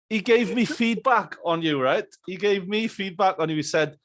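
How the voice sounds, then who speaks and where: Male host, upper register, relaxed chatty interviewer. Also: high-pitched, unhurried, pauses often. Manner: chatty and reminiscing, laughs along. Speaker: podcast host. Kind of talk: casual interview chat.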